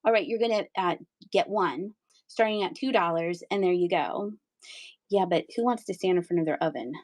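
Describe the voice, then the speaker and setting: A woman's voice: on the low side, moderate pace, a little mellow. A middle-aged woman from Pennsylvania hosting a live-stream sale, chatty and playful, with giggles and sing-song asides. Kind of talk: casual live-sale chat.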